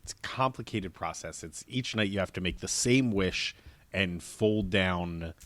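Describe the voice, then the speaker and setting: Deep-voiced man with deadpan asides. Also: a little slow, dry recording. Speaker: podcast co-host. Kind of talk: casual comedic chat.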